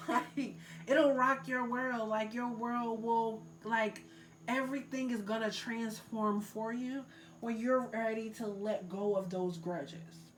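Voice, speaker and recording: A woman's voice: a little high, steady tone, slow pace, a little hiss or hum. A woman giving a casual tarot reading, loose and full of fillers, earnestly urging the listener to let go. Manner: loose and filler-heavy, many likes and ums. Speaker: tarot reader.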